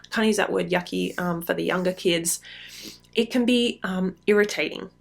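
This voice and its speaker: A middle-aged woman hosting a parenting podcast, giving advice in a relaxed, conversational way with frequent ums. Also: lowish voice, moderate pace, creaky. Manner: conversational, frequent ums, acts out quoted lines. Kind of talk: casual advice talk. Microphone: podcast mic.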